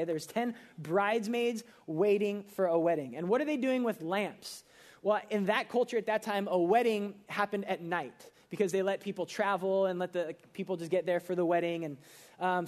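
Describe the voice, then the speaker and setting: A young man preaching a sermon in a casual, conversational way, full of fillers and quick acted asides. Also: sits high, darkish tone. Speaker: pastor.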